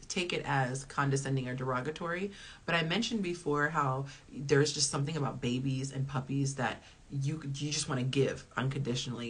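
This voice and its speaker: Husky-voiced woman giving chatty dating advice. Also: very deep voice. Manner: chatty and emphatic, with repeated phrases. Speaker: dating and relationship advice host. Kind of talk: casual advice talk to viewers, reading live comments.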